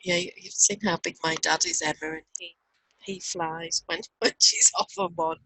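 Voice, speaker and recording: A middle-aged woman with a Northern English accent, chatting casually and reading out viewer comments on a video call. Her voice has a gravelly, crackly edge, and the sound is close and dry. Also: on the low side, very animated, moderate pace, bright, forceful tone, no echo. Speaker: co-host. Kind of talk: casual chat on a livestream.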